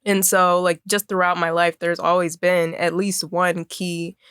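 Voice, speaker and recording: A woman's voice: on the low side, little pitch movement, unhurried, fairly bright tone, clean tone, dry recording, clean studio sound. A young woman from Maryland, a fashion designer, chatting casually as a podcast guest and using lots of fillers. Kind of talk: casual conversation.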